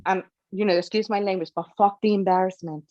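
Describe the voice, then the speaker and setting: A woman's voice: mid-range voice, steady tone, fast, mellow, no echo, lo-fi sound. A woman guest telling her own story with emotion, tearful and pleading, repeating herself for emphasis. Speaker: interview guest.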